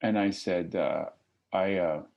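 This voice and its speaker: A man's voice: low-pitched, takes it slowly, gravelly, darkish tone. A middle-aged man telling his personal recovery story to a meeting, in a wry, self-deprecating, joking way. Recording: slightly lo-fi recording.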